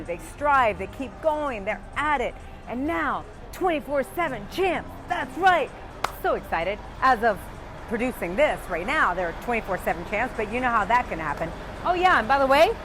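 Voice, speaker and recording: A woman's voice: medium pitch, a bit bright. A woman hosting a show outdoors on a busy street, bubbly and laughing often. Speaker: host. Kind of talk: lively presenting to camera.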